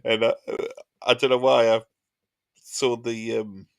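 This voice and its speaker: A man with an Essex accent streaming a racing game, chatty, rambling and quick to laugh at himself. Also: mid-range voice, little pitch movement, gravelly. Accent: Essex English. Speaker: gaming streamer. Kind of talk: casual chat while gaming. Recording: loud game noise behind voice. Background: racing game engine sounds.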